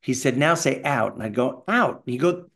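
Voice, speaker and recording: A middle-aged Canadian man telling animated stories in an interview, acting out the people in them. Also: medium pitch, brisk. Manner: animated, does voices of people in his stories. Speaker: voice actor guest. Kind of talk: anecdotal interview storytelling.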